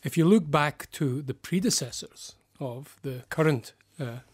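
A man with a Scottish accent, a clinical psychologist guest, explaining things in a thoughtful, halting way on a radio interview. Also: a little high, slightly rough.

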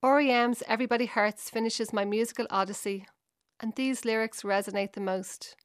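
A woman's voice: a little high, steady tone, a little fast, clear, resonant tone, no room sound, studio quality. A woman reading her own personal essay aloud, in a reflective, fond manner.

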